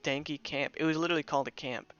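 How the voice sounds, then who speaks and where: A man's voice: fairly high pitch, fairly even intonation, quick pace, a bit bright, clear, resonant tone, highs cut off, faint music behind. A young man chatting loosely while streaming a game, rambling with many restarts. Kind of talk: casual gameplay commentary.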